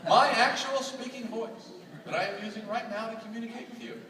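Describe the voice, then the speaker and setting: High-voiced comic in an echoey theatre. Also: male voice, fairly even intonation, brisk, very noisy. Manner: exasperated, emphatic delivery. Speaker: stand-up comedian. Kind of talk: stand-up comedy routine. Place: large theatre stage. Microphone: audience recording from far back. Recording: echoey hall from far off, loud crowd laughter. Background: loud audience laughter.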